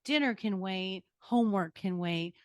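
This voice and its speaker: A woman's voice: medium pitch, a little slow, no room sound, studio quality. An older woman hosting a podcast interview, giving earnest, emphatic parenting advice. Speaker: podcast host. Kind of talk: casual interview chat.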